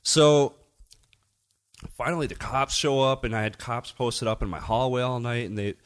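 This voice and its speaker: A middle-aged man, a DJ appearing as a podcast guest, tells a long story in loose podcast banter. His voice sits at medium pitch and moves at a normal speed. He swears freely and acts out everyone's lines with lively energy.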